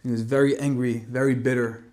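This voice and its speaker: A man's voice: mid-range voice, level tone, a little fast. Man telling a story in a sermon. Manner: dramatic, swinging between loud emphasis and hushed tones. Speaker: speaker giving a Torah talk.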